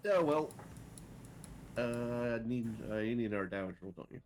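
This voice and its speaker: A man's voice: medium pitch, animated, normal speed, darkish tone, a little hiss or hum. Casual joking man playing a tabletop game. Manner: casual, joking, self-deprecating. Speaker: player.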